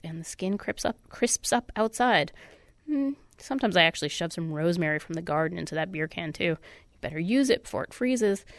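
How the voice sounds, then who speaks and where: Chatty radio host with a stuffy nose. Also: female voice, lowish voice, no room sound. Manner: chatty, upbeat, self-deprecating. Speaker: radio food show host. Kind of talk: casual radio food segment. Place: radio studio. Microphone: studio microphone.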